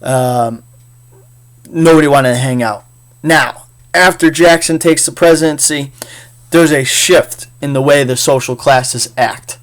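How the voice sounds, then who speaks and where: A man's voice: medium pitch, measured pace. A man teaching a casual history lecture in a chatty, jokey way with frequent fillers. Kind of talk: casual recorded class lecture.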